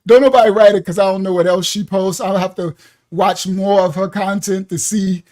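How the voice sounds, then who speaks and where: A man hosting a livestream, reacting to clips loudly and laughing often into his own microphone. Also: high-pitched, moderate pace. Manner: animated, loud, laughs often. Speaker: livestream host. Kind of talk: live reaction commentary.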